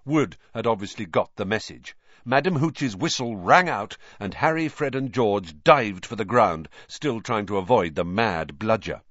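A man narrating a children's fantasy novel in a dramatic, lively reading. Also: on the low side, normal speed, dry recording, lo-fi sound. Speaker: audiobook reader. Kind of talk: storybook narration.

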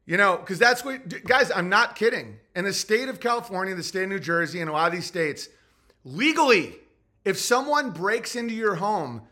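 Podcast host, male, bright tense voice, sarcastic and profane rant. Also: high-pitched.

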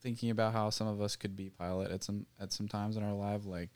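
A man's voice: fairly low pitch, level tone, fast, darkish tone, clear, resonant tone, no echo. A man in a casual faith discussion, sharing reflections hesitantly.

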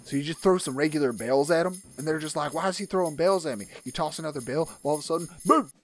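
A man's voice: on the high side, quick pace, soft background music, natural voice. Bartholomew, played by a man, a boastful weapons inventor. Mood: proud. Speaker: podcast host. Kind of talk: improvised comedy role-play.

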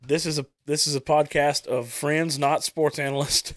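A man hosting a casual podcast among friends, loud and swearing, often laughing. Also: a little high, little pitch movement, moderate pace. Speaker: podcast host.

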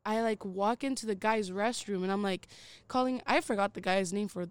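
A young woman co-hosting a podcast, telling a story in a casual, animated way, swearing freely and acting out the voices of people in it. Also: medium pitch, normal speed, smooth, no echo. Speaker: podcast co-host.

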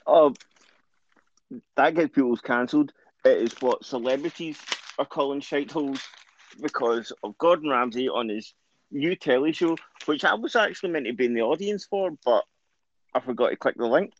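A man's voice: mid-range voice, normal speed, muffled recording, a little hiss or hum. Chatty Scottish man, sweary and rambling. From Scotland. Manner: rambling, stumbles and restarts, laughs a lot. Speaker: podcast co-host. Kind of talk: casual sweary chat.

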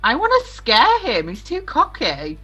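Tabletop game player, slow and unhurried, bright tone, thinks aloud, faint music behind. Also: mid-range voice, huge pitch swings, slightly rough.

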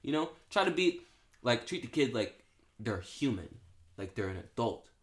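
A man's voice: medium pitch, very animated, normal speed. A young man co-hosting a podcast, arguing his view in casual conversation, padding his talk with "like" and "you know". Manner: conversational, heavy use of filler "like" and "you know". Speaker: podcast co-host. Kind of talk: casual debate chat.

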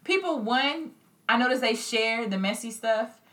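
A young woman who works as a fitness coach, a podcast guest telling stories in a lively, casual way and acting out her own reactions. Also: on the high side, unhurried. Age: young adult. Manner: animated storytelling, acts out her own reactions.

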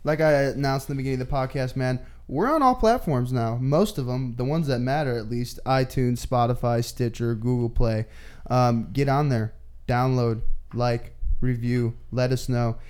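A man hosting a podcast, closing the episode in a relaxed, easygoing way. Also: medium pitch, moderate pace, clean tone. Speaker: podcast host. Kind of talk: podcast outro.

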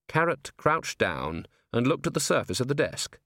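A man with a mid-range voice reads an audiobook in a measured, even storytelling style. This is scripted narration, a dry, close studio recording.

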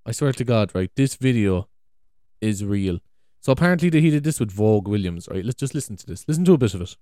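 Man, rambling vlog, cursing, exclaiming, lower-pitched voice, dry close sound. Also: lively intonation, fast, mellow, no room sound. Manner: swearing, exclaiming, trailing off. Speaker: vlogger. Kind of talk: rambling casual monologue. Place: big room at home. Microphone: USB desk microphone.

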